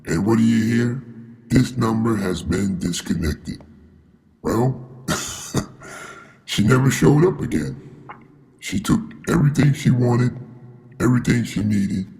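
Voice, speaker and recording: A man with a fairly low voice hosts his own channel. He tells a story casually and talks straight to his viewers, asking them questions as he goes. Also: a little mellow. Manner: conversational, addresses viewers directly. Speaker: channel host.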